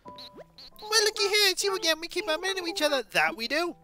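A woman putting on a blustering older male mole from a video game, loud, folksy and boastful. The voice sits high and bright and swings wildly in pitch, with faint music behind. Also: lively intonation, a little fast.

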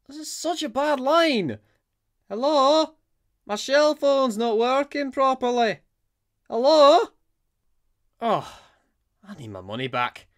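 A voice actor playing a cheerful, laid-back, small magical surfer man who chats casually and calls people cuz. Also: medium pitch. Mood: flustered. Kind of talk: fan voice acting.

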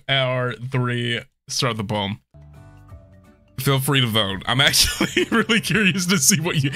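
A man streaming a game and commenting casually, excitable and profane, laughing often. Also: medium pitch. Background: game music.

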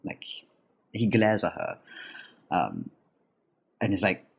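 Husky, lowish male host, chatty voice-over storytelling, rambly with lots of laughs and stumbles. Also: huge pitch swings, takes it slowly. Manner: rambling, laughs often, many restarts. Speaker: comic artist and channel host. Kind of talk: casual voice-over narration.

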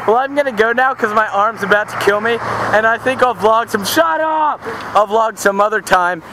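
A goofy young man with a high voice rambles and jokes as he walks along a busy road with a handheld camera. Traffic noise comes through clearly on the camera's built-in mic. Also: fairly even intonation, fairly quick. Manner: goofy, rambling, yelling at passing cars. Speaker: vlogger. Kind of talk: joking walk-and-talk vlog. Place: outdoors beside a busy road. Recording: outdoor camera audio with loud traffic. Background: passing traffic.

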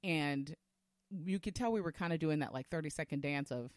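A woman co-hosting a podcast, telling a story in a lively, assertive way in casual conversation. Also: sits low, moderate pace, no echo, clean studio sound. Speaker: podcast co-host.

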